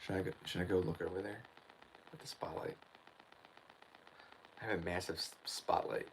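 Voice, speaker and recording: A man's voice: low-pitched, fairly even intonation, moderate pace, slight background noise, poor audio. A man hosting his channel, telling a story in a casual livestream chat, ranting and often saying "dude" and "man". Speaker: channel host.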